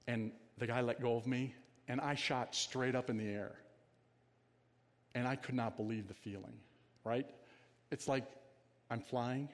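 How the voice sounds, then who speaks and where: Male pastor, conversational sermon delivery, asks the congregation questions, goes quiet for emphasis; reverberant sanctuary sound. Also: medium pitch.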